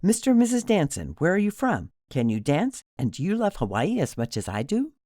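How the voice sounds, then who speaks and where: This is an audiobook cruise director, played by a man, a woman with a broad Midwestern twang who chatters on in a bright, raised voice. Her pitch swoops eagerly from line to line, and the read is close and dry, with no room sound. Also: wildly swooping pitch, brisk, no echo. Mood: bubbly. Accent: Midwestern American. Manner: bubbly, nonstop, high-energy chatter. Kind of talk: audiobook character voice.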